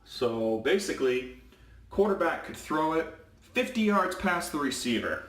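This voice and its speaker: A man's voice: on the high side, animated, a little slow, a bit bright, far from the mic. A man who works as a football referee, talking casually while shaving and getting worked up as he rants emphatically. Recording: echoey room, mic set back.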